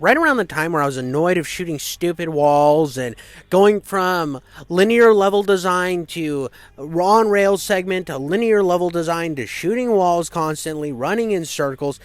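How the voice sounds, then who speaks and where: A man's voice: high voice, no echo. A man giving casual commentary on a retro game, riffing with crude, profane jokes and asides. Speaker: game reviewer.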